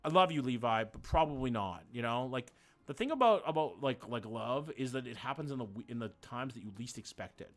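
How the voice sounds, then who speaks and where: Brisk and expressive, his mid-range voice carries casual chatter while he plays a game on a live stream. He thinks aloud, swears casually and says hello to viewers by name.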